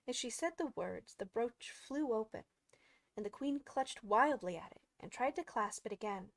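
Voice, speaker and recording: A woman narrating a classic children's story in a calm, expressive audiobook reading. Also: mid-range voice, measured pace, no room sound.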